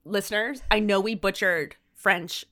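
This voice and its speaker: A woman's voice: medium pitch, unhurried, a bit bright. A woman co-hosting a podcast, recapping a TV episode in casual chat, rambling with lots of "like" fillers and frequent laughs. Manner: chatty, rambling with many "like" fillers, laughs often. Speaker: podcast co-host.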